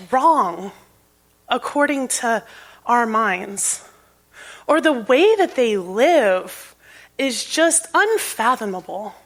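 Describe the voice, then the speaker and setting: In a church sanctuary, a woman minister delivers a sermon earnestly, using rhetorical questions and a repeating cadence. Her voice sits high with a fairly bright tone.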